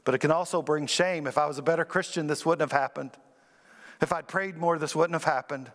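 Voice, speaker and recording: Guy preaching a sermon, kinda high voice, big echo in the church. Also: steady tone, a little fast. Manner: preaching with call-and-response, rising emphatic pitch. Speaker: pastor.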